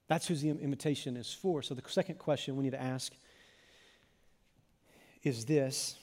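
A male pastor preaching a sermon in a conversational way, repeating phrases for emphasis and often dropping to a soft, low voice. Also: steady tone, moderate pace. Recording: long reverb of a large hall.

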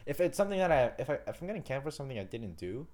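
A young man co-hosting a podcast, talking in a quick, animated, rambling way. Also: mid-range voice. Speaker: podcast co-host. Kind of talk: casual chat.

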